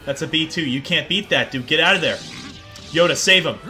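A young man giving excitable, profane commentary over his gameplay, often yelling at the game. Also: on the high side, brisk. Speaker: gaming video creator. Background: game music.

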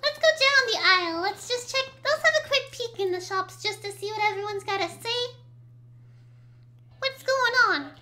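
Young woman gamer, bubbly and gushing, with a very high, bright voice. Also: animated, normal speed. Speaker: gaming video creator. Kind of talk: let's-play commentary.

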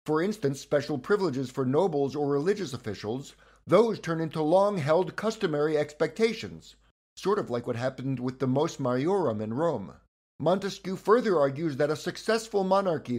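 A man's voice: on the high side, a little mellow. A man giving scripted educational narration about political history, with wry, conversational asides.

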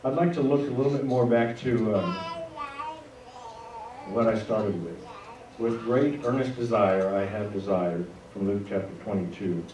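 A man's voice: fairly low pitch, measured pace. A man preaching a sermon as pastor, talking in a conversational way with asides to the congregation. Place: church sanctuary. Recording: echoey room, voice from a distance, faint noise.

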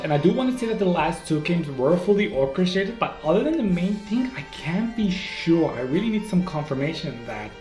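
A man hosting a casual solo podcast, rambling and excitable, often stopping to correct himself, on a home microphone. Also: a little high. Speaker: podcast host. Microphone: home microphone, may clip. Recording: echoey room with faint music.

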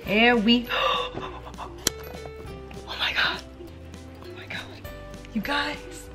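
A young woman vlogging as a mother of twins, gushing in excited baby talk. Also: fairly high pitch, drawn-out words, music in the background. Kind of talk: casual vlog talking to camera and babies.

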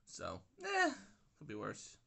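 A young man talks through his pool game in a loose, irritable ramble, cursing at opponents and drifting into side stories. His pitch jumps around a lot, and his tone is bright and forward. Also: huge pitch swings, slow, gravelly. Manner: grumpy, swearing, rambling asides. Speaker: gaming YouTuber. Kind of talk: casual gameplay commentary.

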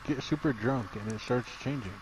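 A man's voice: mid-range voice, moderate pace, a little hiss or hum, rough recording. A man playing an online game with a friend, giggling and swearing in casual chat. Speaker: gamer.

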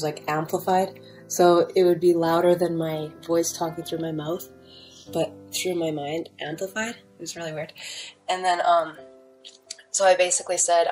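A young woman tells her story in a loose, rambling way, stumbling over fillers and restarts. Her voice sits a little low and sounds soft and warm. Quiet guitar music plays faintly behind her. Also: rough recording. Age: young adult. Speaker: storyteller sharing a near-death experience. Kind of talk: casual first-person testimony. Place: at home.

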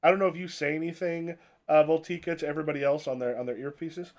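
A man running a tabletop heist game as game master, narrating in a halting way with many restarts and swearing when surprised. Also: a little high, steady tone.

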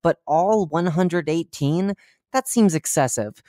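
A reader voicing a cheerful, oblivious male radio talk-show host who chats brightly and drops deadpan dark jokes. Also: medium pitch, slow, no echo, studio quality, natural voice. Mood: chipper. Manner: chipper, chatty broadcast patter with deadpan dark jokes. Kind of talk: horror fiction reading.

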